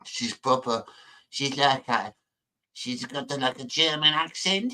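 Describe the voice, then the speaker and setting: A man talks over a video he is watching in a loose, mocking, rambling way. His voice is bright and forward, and he trips over his words as he jokes. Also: mid-range voice, a little slow. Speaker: host reacting to a video. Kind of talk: casual reaction commentary.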